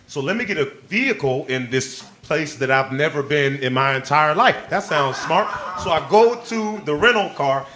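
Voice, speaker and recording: A male stand-up comedian performing a live set on a club stage, excitable and playful, working the crowd and leaping into squealing quoted voices. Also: fairly high pitch, normal speed, hardly any pauses. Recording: live club recording with crowd laughter and noise.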